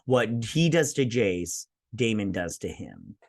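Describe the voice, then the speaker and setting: A man's voice: on the low side, sing-song, slow pace, creaky, a little mellow, no echo, clean studio sound. A man hosting a review show, casually recapping an episode and acting out characters' lines with lots of fillers. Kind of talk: casual recap with quoted voices.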